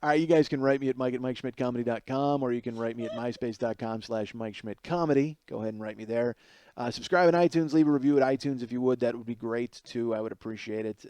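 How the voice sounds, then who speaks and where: A man's voice: medium pitch, no echo. A middle-aged man hosting a podcast, telling a comedic story with lots of swearing and acting out the people he quotes. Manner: profane, animated, acts out quoted people. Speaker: podcast host.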